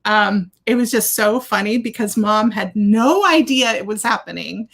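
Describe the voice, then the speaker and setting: A woman's voice: medium pitch, moderate pace, gravelly. A middle-aged woman doula telling a birth story in casual chat, acting out the voices of the people in it. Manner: animated storyteller, acts out quoted voices.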